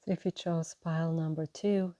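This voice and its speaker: A woman giving a gentle, encouraging tarot reading to her viewers, often checking in with "right?" and "you know". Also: low voice, flat delivery, normal speed, no echo. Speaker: tarot reader.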